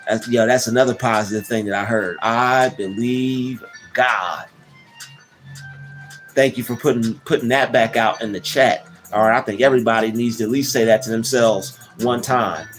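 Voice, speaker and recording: A man chatting loosely on a livestream, his voice sitting at an ordinary middle pitch. He restarts sentences often and sprinkles in slang fillers. Soft music plays quietly behind him. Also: steady tone, a little fast, few pauses. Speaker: livestream host. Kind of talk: casual livestream chat. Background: soft background music.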